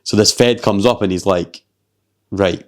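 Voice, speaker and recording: A man with a Scottish accent hosting a podcast, retelling a film in an animated, rambling way with lots of swearing and fillers. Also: fairly low pitch, moderate pace. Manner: animated storyteller, swears freely, heavy use of "like". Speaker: podcast host. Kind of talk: casual chat.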